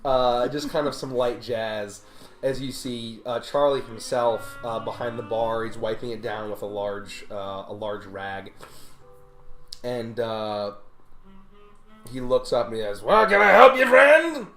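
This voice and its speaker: Low-voiced woman game master. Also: steady tone. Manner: halting, many fillers. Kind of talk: narrating a tabletop game. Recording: echoey room with music behind.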